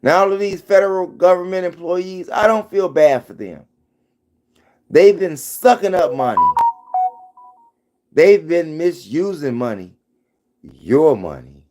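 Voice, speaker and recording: A man's voice: high voice, lively intonation, measured pace, long pauses, a little mellow. A middle-aged man giving an emphatic, preachy commentary vlog into his phone, hammering his points home by repeating them. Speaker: vlogger.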